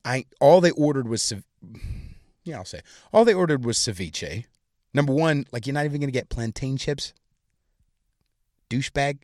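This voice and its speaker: A young man rants crudely on his own podcast, swearing constantly and getting worked up as he goes. His mid-pitched voice sits close to the mic in a dry, dead room with no echo. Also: expressive, moderate pace, long pauses, darkish tone. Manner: profane, ranting, heated. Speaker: podcast host. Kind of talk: crude solo comedic rant.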